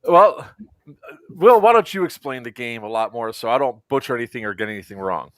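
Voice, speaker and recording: A man co-hosting a casual podcast, chatty and quick to laugh. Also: medium pitch, animated, dry recording, clean studio sound. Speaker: podcast co-host.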